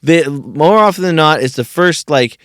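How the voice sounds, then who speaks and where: A man hosting a podcast, talking in a relaxed, casual way with plenty of filler words. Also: on the high side, normal speed, clear, resonant tone, no echo, clean studio sound. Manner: relaxed, laid-back, heavy on filler words. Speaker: podcast host. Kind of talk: casual conversation.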